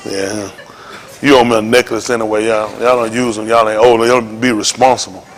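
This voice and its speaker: A man preaching an informal sermon to his congregation in a folksy, joking way that rises to shouts. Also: on the low side, flat delivery, a little fast, a little hiss or hum. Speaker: congregation leader.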